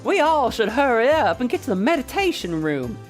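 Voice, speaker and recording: A woman voicing an excitable paranormal photographer with a put-on Southern US accent, high and lively. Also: a little fast, soft background music. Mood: eager. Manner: folksy, excitable, drawling.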